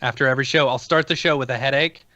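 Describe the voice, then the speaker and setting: A man co-hosting a podcast, chatty and excitable in casual conversation. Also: mid-range voice, fast talker, no echo, muffled recording. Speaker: podcast co-host. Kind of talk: casual chat.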